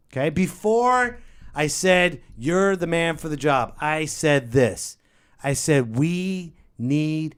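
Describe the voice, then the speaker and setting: A man hosting a podcast, telling a comic story as an exasperated rant that breaks into yelling, close to a studio microphone. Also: mid-range voice, clear, resonant tone. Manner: exasperated, animated, bursts into yelling. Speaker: podcast host.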